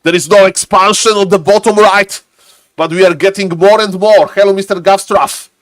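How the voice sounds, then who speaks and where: A man streaming live commentary on a strategy game, lively and playful, teasing his chat. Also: normal speed, no room sound. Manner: lively, playful, keeps saying "ladies and gentlemen"; shifts into a deeper joking voice for a subscriber.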